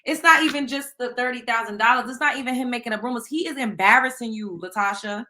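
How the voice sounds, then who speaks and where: Woman, show host, casual gossip commentary, blunt and profane, bright tone, higher pitch. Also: fast talker, a little hiss or hum. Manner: blunt, profane, talks straight to listeners.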